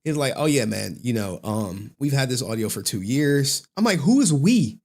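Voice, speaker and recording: A man's voice: medium pitch, moderate pace, vocal fry. A man hosting a commentary channel, talking casually and telling stories with slang and frequent laughs. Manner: animated, joking storyteller who laughs often and slips into slang.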